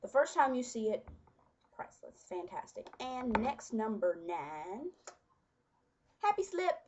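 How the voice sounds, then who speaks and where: A young woman chatting casually to her webcam, full of fillers and quick laughs. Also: on the high side, big pitch swings, highs cut off, background noise. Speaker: vlogger. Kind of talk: casual chat.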